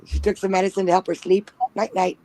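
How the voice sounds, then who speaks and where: A woman's voice: medium pitch, flat delivery, fast talker, dark tone, low-quality recording. Blunt, giggly woman telling a story. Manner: blunt, swears freely, giggles. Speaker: panel guest. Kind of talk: casual storytelling. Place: at home with pets nearby. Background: dog snoring.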